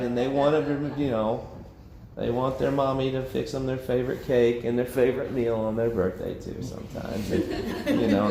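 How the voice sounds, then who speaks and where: Animated man teaching a bible study. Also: mid-range voice. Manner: animated, acts out quotes, laughs often. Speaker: pastor leading a Bible study. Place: church meeting room. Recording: echoey room with faint background noise.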